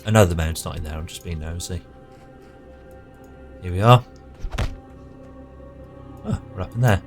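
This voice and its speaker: Male gamer, deep voice, rambling play-by-play over game music. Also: a little slow. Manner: chatty, muttering to himself. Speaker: player narrating his game. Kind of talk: casual gameplay commentary. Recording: music playing clearly behind.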